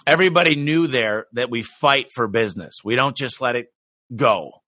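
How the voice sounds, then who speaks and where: A man's voice: medium pitch, fairly quick, no room sound. A man, a business owner, telling stories with energy and enthusiasm as a podcast guest. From United States. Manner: energetic, enthusiastic, animated storyteller. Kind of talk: storytelling in a podcast interview.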